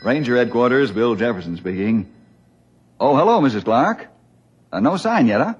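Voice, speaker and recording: A calm, reassuring ranger. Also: male voice, medium pitch, moderate pace, slightly rough. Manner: steady, reassuring, friendly. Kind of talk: 1950s radio drama acting. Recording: dull lo-fi old radio recording.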